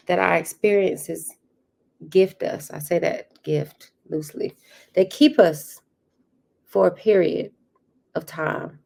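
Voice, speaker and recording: A woman's voice: lowish voice, gravelly, mellow. A woman hosting her own podcast, speaking in an earnest, reflective monologue and repeating key phrases for emphasis. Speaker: podcast host.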